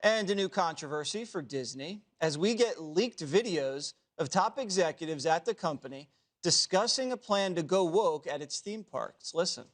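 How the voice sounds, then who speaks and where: A man's voice: fairly high pitch, lively intonation, normal speed. A man hosting a talk panel, reading punchy scripted intros and chatting emphatically. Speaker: talk show host.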